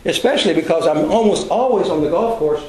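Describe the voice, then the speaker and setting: Older man preaching folksy, high-pitched. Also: lively intonation, a little fast, a little mellow, roomy sound, poor audio. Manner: folksy, self-deprecating storytelling. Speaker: Bible class teacher. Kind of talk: conversational sermon.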